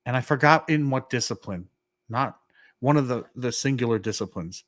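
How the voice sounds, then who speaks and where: With an ordinary mid-range voice at normal speed, a podcast co-host from New York animatedly narrates a casual story. He acts out the quoted dialogue and relies on many "like" fillers, all recorded dry and close with no echo or room sound.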